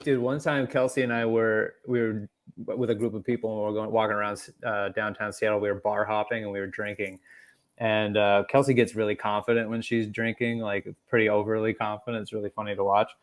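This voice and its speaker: A man co-hosting a comedy podcast, telling stories in a casual, profane and animated way. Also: lowish voice, a little fast. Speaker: podcast co-host.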